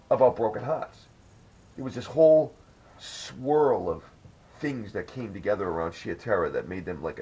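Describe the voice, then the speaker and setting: A man's voice: medium pitch, a little mellow, breathy edge, poor audio. A man hosting a podcast, telling rambling, profane stories in casual chat. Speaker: podcast host.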